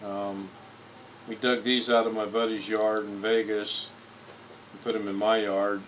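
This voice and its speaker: A man with a slightly low voice chats casually on his own live stream. He rambles and repeats himself while clicking through photos at his computer. A faint hum sits in the background. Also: flat delivery, measured pace, rough recording.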